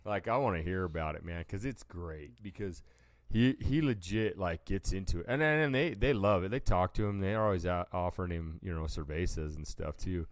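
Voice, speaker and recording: A man's voice: low-pitched, moderate pace, dry recording. A man co-hosting a casual podcast, teasing his friend and calling everyone dude. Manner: animated, teasing, says dude a lot. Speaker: podcast co-host. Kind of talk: casual chat.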